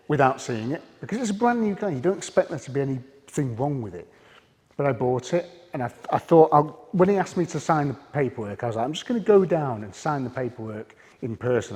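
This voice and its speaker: A man's voice: medium pitch, darkish tone, husky, big-room sound. A man with a British accent talking candidly and chattily in a casual car review vlog, often restarting sentences mid-thought. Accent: British English. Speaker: car vlogger.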